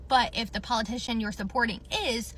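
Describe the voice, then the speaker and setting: A woman speaking earnestly and in a measured way in an opinion clip to camera. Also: fairly high pitch, steady tone, a bit bright, a little hiss or hum.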